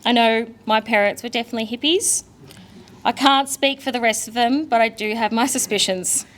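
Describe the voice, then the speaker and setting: Young Australian woman, daughter delivering a eulogy, fairly high voice, candid and emotional, storytelling. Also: fairly quick, fairly bright tone. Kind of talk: funeral eulogy.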